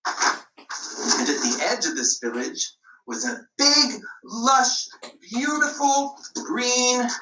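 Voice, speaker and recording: A woman puppeteer narrating a children's story in a slow, expressive, sing-song way. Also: on the high side, background noise. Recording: roomy, mic at a distance.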